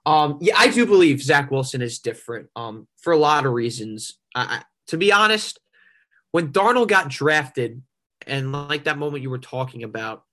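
A man's voice: on the high side, animated, normal speed, bright, forceful tone. A young man co-hosting a sports podcast, talking with enthusiasm and frequent stammered restarts. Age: young adult. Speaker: podcast co-host. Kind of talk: casual sports podcast chat.

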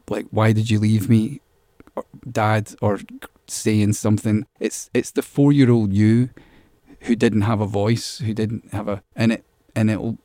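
A man's voice: fairly low pitch, gravelly, warm tone, no echo. A man being interviewed as a musician, talking casually and rambling, repeating words as he thinks. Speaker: musician guest.

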